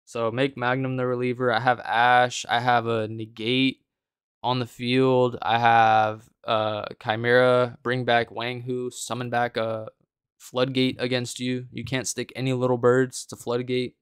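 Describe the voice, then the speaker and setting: A man's voice: mid-range voice, monotone, unhurried, clean tone, no echo, clean studio sound. A man giving casual, exasperated gameplay commentary on a card game, slangy and calling everyone bro.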